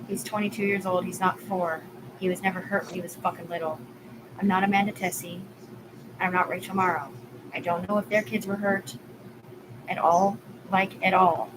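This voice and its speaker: A woman's voice: lowish voice, fairly even intonation, normal speed. Agitated, swearing woman on a live stream. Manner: agitated, profane, rambling. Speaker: livestream host. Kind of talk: rambling live-stream monologue. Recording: clear background ambience noise.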